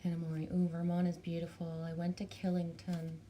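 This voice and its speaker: A woman's voice: on the low side, monotone, fairly quick, dark tone, a little hiss or hum. Bubbly Canadian woman chatting live. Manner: bubbly, chatty, greets viewers by name, swears casually. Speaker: livestream host reading chat. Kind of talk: casual live chat.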